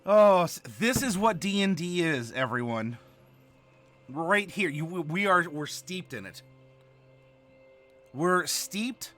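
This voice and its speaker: A man with a slight Southern American accent, hosting a casual chat in a playful, animated way with frequent laughter. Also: high-pitched, takes it slowly, pauses often, faint music behind. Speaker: host.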